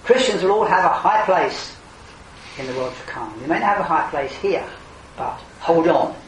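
An older man preaching an earnest evangelistic sermon, his voice swelling to emphatic calls and then falling quiet. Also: on the high side, lively intonation, moderate pace, slight background noise. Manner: earnest, rising to emphatic exclamations then dropping soft. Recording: roomy hall, distant mic, faint ambience.

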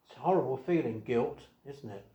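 A man preaches in a roomy, echoing hall at a middle pitch. He asks his listeners one rhetorical question after another. He drops to quiet asides and then rises to firm emphasis. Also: expressive, brisk, muffled recording. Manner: rhetorical questions, swings between soft asides and raised emphasis. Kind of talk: evangelistic sermon. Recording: echoey hall.

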